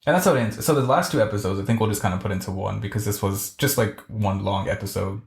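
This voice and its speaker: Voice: low voice, quick pace, gravelly. Chill podcast cohost, blunt, laughs a lot, echoey room. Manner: laid-back, blunt, laughs often. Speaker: podcast co-host. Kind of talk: casual chat recapping a show. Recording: roomy echo.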